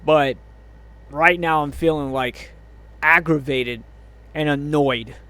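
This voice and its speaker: High-voiced man in a profane angry rant. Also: slow, pushed and bright, clear, resonant tone. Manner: profane, ranting, frequent exasperated groans and laughs. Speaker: movie reviewer. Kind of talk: angry movie review rant.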